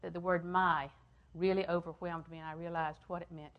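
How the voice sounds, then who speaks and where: Older woman, preacher, slightly low voice, repeats phrases, loud then hushed. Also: level tone, fairly quick, muffled recording. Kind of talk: sermon.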